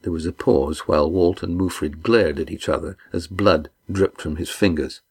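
A man narrating a novel chapter aloud in a measured, steady way. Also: deep voice, slightly rough. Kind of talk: audiobook narration.

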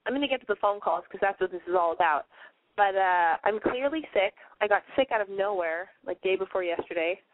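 Woman host, sick and wheezy, brash and profane, high voice, recorded dry with narrow phone-line quality. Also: a little fast, no echo. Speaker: podcast advice show host. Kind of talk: casual call-in show monologue.

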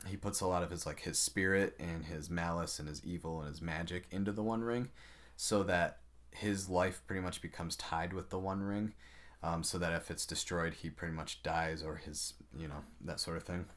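A man's voice: low voice, steady tone, normal speed, a bit bright. A man co-hosting a podcast, casually explaining lore with many fillers and playful jokes. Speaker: podcast co-host. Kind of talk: casual chat.

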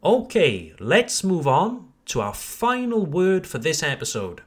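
A man teaches pronunciation on a podcast, with a somewhat high voice that rises and falls freely. He speaks slowly and with emphasis, modelling words carefully for his listeners. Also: huge pitch swings, breathy edge. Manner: slow, emphatic modelling of words, addresses listeners as ladies and gentlemen.

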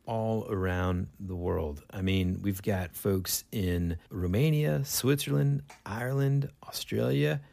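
A man hosts a podcast in a low, gravelly voice. He tells stories in a loose, animated, chatty way. The sound is dry and close. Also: slow, hardly any pauses, dry recording. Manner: lively storyteller, loose and conversational. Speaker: podcast host. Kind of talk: casual chat.

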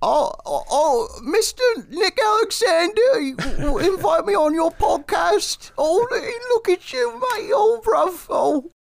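A squealing over-the-top British bloke. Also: male voice, very high voice, expressive, a little slow, vocal fry, hardly any pauses, pitched above the performer's own voice, exaggerated voice. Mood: gushing. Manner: squealing, exclaiming.

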